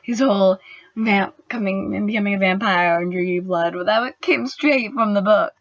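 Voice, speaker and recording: Young woman, casual fan-review host, gushing and excitable; dry, slightly muffled home recording. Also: mid-range voice, normal speed, no room sound. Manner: gushing, excitable, drops into whispers. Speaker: booktuber reviewing a TV episode. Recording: dry, dull lo-fi sound.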